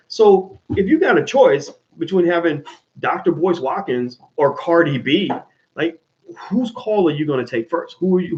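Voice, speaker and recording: A man with a somewhat high voice talks straight to his viewers, animated and blunt, swearing freely and restarting his sentences. The sound is dull and lo-fi. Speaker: host answering viewer questions. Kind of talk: casual monologue.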